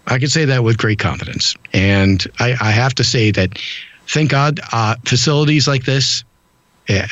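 A man's voice: medium pitch, a bit bright, no echo. A man from upstate New York chatting casually on a podcast, blunt and profane, rambling with restarts. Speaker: podcast host. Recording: dull, dry lo-fi sound.

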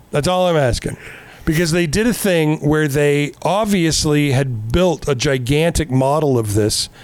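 A man's voice: on the high side, unhurried, clean tone, no echo. A man in casual chat recapping a movie in a rambling, sarcastic way, swearing often. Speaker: podcast co-host.

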